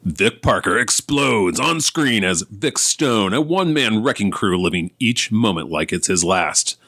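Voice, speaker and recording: A man putting on the voice of a dramatic male movie-trailer announcer, reading a spoof film blurb slowly and deliberately. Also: on the low side, lively intonation, fairly bright tone, no echo, studio quality, heavily acted.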